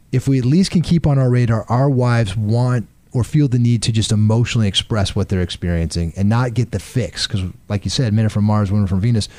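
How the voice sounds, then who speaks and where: A man's voice: fairly low pitch, darkish tone, dry recording. A man, a marriage and family therapist, giving earnest, pragmatic relationship advice in conversation. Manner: earnest, pragmatic, uses acted-out examples. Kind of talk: conversational advice on a radio talk show.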